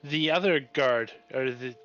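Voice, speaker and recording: A man playing a tabletop game, halting with many fillers. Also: mid-range voice, a bit bright, muffled recording, faint music behind. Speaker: player.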